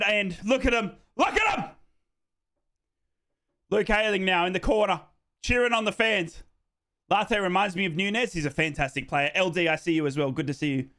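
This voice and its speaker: High, bright-voiced excitable fan commentator. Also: male voice. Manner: excitable, bursts into shouting celebrations; reads out viewers' names and answers them. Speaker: host of a live football watchalong. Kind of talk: live fan commentary on a football match.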